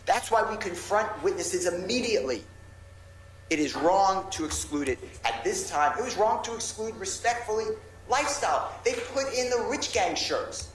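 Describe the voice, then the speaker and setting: In a large courtroom, a male defense lawyer argues before a judge with impassioned, insistent pleading. His voice is high-pitched and animated at a moderate pace. The recording is low quality and roomy, with slight background noise.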